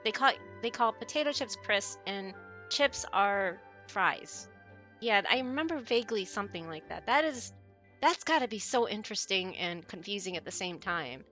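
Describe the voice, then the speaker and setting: Bright, giggly woman streamer. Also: medium pitch, lively intonation, moderate pace, faint music behind. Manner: giggly, chatty, answers chat messages. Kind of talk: casual chat with viewers while gaming.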